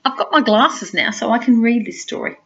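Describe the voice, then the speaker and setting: An older woman, a grandmother, reading a picture book aloud to a small child in a gentle, sing-song way, with soft asides. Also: fairly high pitch, a little fast, vocal fry, husky, lo-fi sound.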